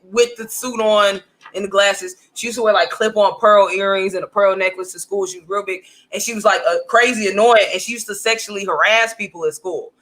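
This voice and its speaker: A woman in her thirties, a comedian guest telling stories in a brash, profane, animated way. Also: mid-range voice, brisk. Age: 30s. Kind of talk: casual storytelling.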